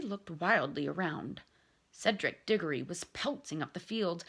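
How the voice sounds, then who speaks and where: A woman reading a novel aloud in an expressive, dramatic storytelling manner. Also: low voice, measured pace, vocal fry, husky. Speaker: reader.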